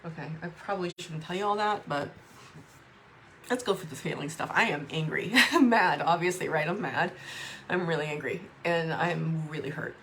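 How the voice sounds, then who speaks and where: A woman talking to camera in a raw, emotional vlog, upset and swearing, with halting restarts. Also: lowish voice, expressive, fairly bright tone, slight background noise. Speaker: vlogger.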